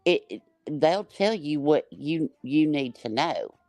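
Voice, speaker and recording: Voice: mid-range voice, animated, slow, a little mellow, no echo. A panel guest chatting on a livestream, rambling and restarting sentences with lots of fillers. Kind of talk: casual livestream chat.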